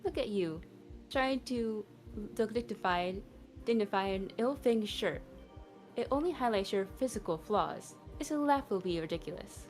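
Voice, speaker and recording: A woman's voice: mid-range voice, expressive, moderate pace, darkish tone, lightly acted. A woman reading the lines of a proud, elegant woman who scornfully defends herself. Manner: haughty, scornful. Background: faint background music.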